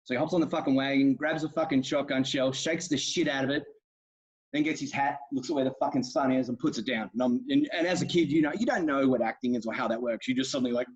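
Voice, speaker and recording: A man's voice: mid-range voice, quick pace, slightly rough. A man co-hosting a podcast, retelling film scenes in a rambling, profane, enthusiastic way. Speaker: podcast co-host. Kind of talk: casual film chat. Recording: dull lo-fi sound.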